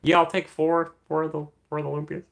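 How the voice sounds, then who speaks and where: A man voicing a hesitant, rambling fast-food customer who stammers through his order with ums and likes. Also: a little high, little pitch movement, vocal fry, pitched above the performer's own voice. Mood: fumbling. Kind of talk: comic bit on a livestream.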